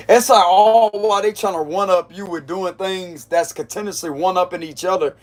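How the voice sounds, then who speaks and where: A man's voice: high-pitched, moderate pace. A man giving a casual, mocking tarot reading, full of slang and frequent laughter. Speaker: tarot reader.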